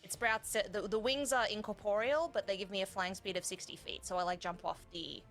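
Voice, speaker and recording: A woman's voice: medium pitch, steady tone, a little fast, a bit bright, faint music behind. Hesitant woman player describing her move. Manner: hesitant, many fillers and restarts. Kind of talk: casual tabletop play.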